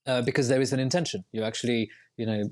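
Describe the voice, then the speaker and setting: A man's voice: medium pitch, steady tone, fast. A man as a podcast guest, explaining at length in a reflective, winding way with frequent restarts. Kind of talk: podcast interview.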